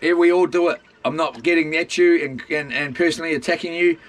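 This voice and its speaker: Blunt, rambling New Zealand man, fairly high voice, casual livestream rant outdoors. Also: quick pace. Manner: blunt, rambling, keeps saying "mate".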